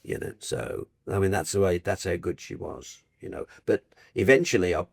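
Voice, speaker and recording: An older man, a broadcaster guest telling stories in casual chat with animated, restarting sentences. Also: low voice, moderate pace, vocal fry, husky, no echo. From Birmingham, England. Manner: warm anecdotal, animated, trailing restarts.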